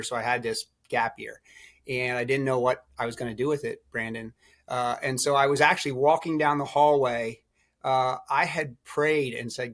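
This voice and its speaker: A middle-aged man, a podcast guest, telling lively stories in a casual chat. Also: medium pitch. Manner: animated, laughing storyteller. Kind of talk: storytelling chat.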